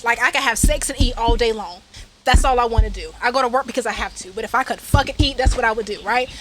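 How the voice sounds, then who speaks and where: A woman co-hosting a podcast outdoors, chatting casually in an animated way, laughing and swearing freely. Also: a little high, fast talker, music in the background. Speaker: podcast co-host. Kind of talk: casual chat.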